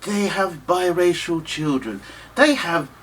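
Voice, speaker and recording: A man in his fifties with a British accent speaks earnestly to camera, stumbling and restarting as he pleads his case. His voice sits a little high for a man. A faint hum of ambient noise runs behind him. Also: a bit bright, rough recording. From United Kingdom, Nigerian family. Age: 50s. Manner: earnest and halting, with many restarts and pleas. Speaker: vlogger. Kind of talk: impassioned monologue to camera.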